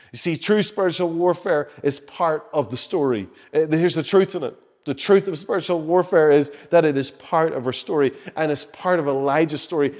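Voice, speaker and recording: A man preaching a sermon as pastor, urging loudly at times and dropping to soft, hushed lines at others. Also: fairly high pitch. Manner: passionate, shifts between loud urging and soft hushed lines. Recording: long hall reverb.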